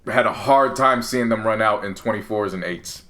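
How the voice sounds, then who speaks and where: A man's voice: on the low side, moderate pace, bright, forceful tone. A man co-hosting a podcast, talking earnestly in long, winding stretches of casual chat. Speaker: podcast co-host.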